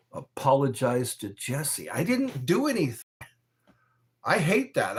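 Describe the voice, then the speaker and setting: Slow-talking husky man rambling on a live stream. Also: on the high side. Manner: rambling and defensive, drawn-out phrases. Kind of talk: casual live-stream chat. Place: bedroom at home.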